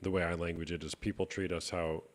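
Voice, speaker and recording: Very deep-voiced calm male host. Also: quick pace, slight background noise. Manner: calm, reflective coaching tone. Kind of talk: live stream chat.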